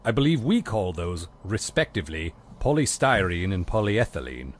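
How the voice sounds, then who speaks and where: A prim butler delivers deadpan lines in a formal manner in a comedy game. His voice sits fairly low but moves widely in pitch. Faint noise sits behind it. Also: moderate pace. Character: prim, dry-witted English male butler.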